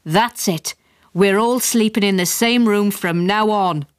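A woman voicing a gruff, bossy father, in a storybook reading. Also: high voice, a little slow, no echo, clean studio sound. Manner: gruff and bossy when calm, yelling in a panic. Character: exasperated British dad, father of the family.

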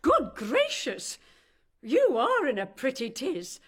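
A woman's voice: high-pitched, wildly swooping pitch, takes it slowly, breathy edge, heavily acted. An actress playing a haughty, pompous older mother who speaks of herself as "one", in rhymed stage verse. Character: haughty pompous old mother, stubbornly devout. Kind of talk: stage play in rhyming verse.

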